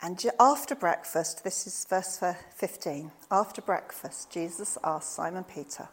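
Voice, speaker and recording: A woman preaching a sermon, telling the story in a lively way and acting out the voices of the people in it. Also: lowish voice, a little slow, few pauses.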